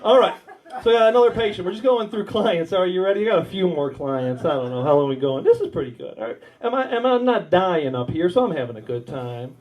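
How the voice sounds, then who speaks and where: A man's voice: sits high, animated, fast talker, a little mellow. An American man doing a stand-up comedy set in a warehouse, telling crude, rambling stories and teasing the audience. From United States. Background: audience laughter.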